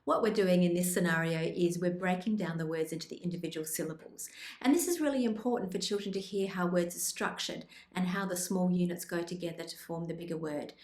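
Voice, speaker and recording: Calm woman explaining, echoey room. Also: lowish voice, a little fast. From Australia. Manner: calm, clear explanatory delivery. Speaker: speech pathologist. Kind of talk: instructional video presenting.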